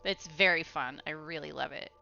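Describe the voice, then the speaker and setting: Chatty woman with a bright voice. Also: deep voice, creaky. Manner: chatty and rambling, quick to laugh. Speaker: streamer. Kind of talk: casual gaming stream chat. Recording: slightly muffled, faint music behind.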